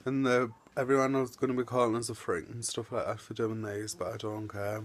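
A man's voice: fairly low pitch, little pitch movement, brisk. Chatty camp young man. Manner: chatty, camp, self-mocking. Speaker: vlogger. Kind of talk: casual vlog chat. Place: outdoors on a town street.

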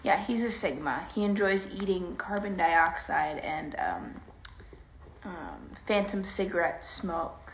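On a phone livestream, a woman with a lowish voice chats casually at a slow, animated clip, rambling playfully and using baby talk with her dog. The room is echoey, with faint noise.

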